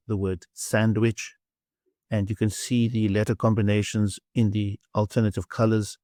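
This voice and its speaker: A man's voice: lowish voice, a little mellow, no room sound, clean studio sound. A man with a Greek accent teaching beginner vocabulary, patiently sounding out each word syllable by syllable. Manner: slow, patient, repeats words syllable by syllable. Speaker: language teacher. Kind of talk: slow vocabulary lesson with pronunciation drills.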